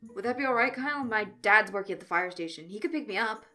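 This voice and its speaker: A woman playing a deadpan teenage comedian. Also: medium pitch, fast talker, faint music behind. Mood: polite. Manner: deadpan with small stutters.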